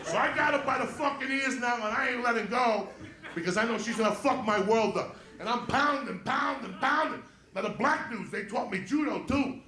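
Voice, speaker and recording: A man telling a profane, animated stand-up story with shouted bursts, recorded at a live show. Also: very high-pitched, normal speed. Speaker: stand-up comedian. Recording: live club show with audience laughter. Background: audience laughing.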